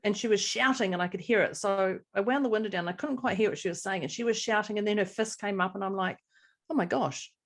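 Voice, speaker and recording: A middle-aged woman, co-hosting a podcast in casual chat, a lively storyteller who laughs often. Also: mid-range voice, quick pace. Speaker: podcast co-host.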